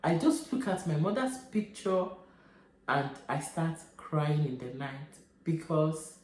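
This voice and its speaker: Nigerian woman in her 30s, emotional vlogger, low mellow voice, halting and repetitive, roomy echo. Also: animated. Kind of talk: emotional personal vlog.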